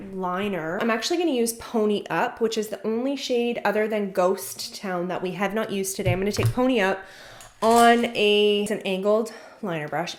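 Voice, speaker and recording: A woman chatting enthusiastically through a casual makeup tutorial as a beauty vlogger, talking while she works. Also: mid-range voice. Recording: echoey room.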